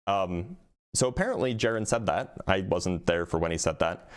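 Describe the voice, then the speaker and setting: A man hosts a live debate stream in a loose, casual way, full of fillers and restarts. His voice sits a little low. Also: normal speed, clear, resonant tone. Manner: casual, hesitant, many fillers.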